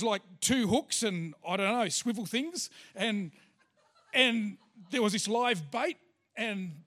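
A man's voice: extremely high pitch, a bit bright. A man, a pastor giving a sermon and telling a personal story in a chatty way with lots of fillers.

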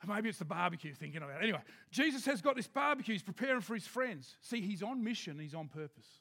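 A man preaching a sermon to his congregation in a lively, joking, conversational way. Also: high-pitched, quick pace. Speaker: pastor. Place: church hall with a congregation.

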